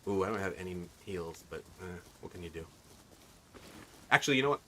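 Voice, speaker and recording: Bright-voiced chatty male streamer. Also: low voice, expressive, fairly quick. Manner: rambling, chatty, asks viewers questions. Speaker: livestreamer. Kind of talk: casual gaming commentary.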